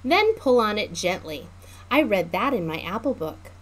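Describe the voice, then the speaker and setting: A woman voicing a thoughtful little girl rabbit in a children's storybook, gentle and helpful. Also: mid-range voice, very animated, normal speed. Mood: eager.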